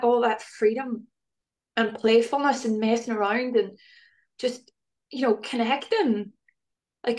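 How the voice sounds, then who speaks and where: A woman guest in casual conversation, chatty and animated, laughing often as she talks. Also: on the high side.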